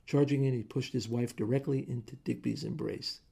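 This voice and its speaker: A man reads a story aloud in measured, steady narration. His voice is gravelly and dark, with a husky edge. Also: mid-range voice.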